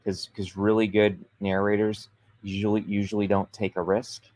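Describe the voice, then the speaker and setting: A man hosting a livestream, giving business advice in an energetic, emphatic and persuasive coaching manner. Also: on the low side, normal speed, dry recording. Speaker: author coach and show host.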